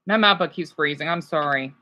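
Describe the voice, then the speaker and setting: A man's voice: fairly high pitch, a little fast, pushed and bright, low-quality recording. A man chatting casually on a livestream from home, rambling between topics and swearing now and then.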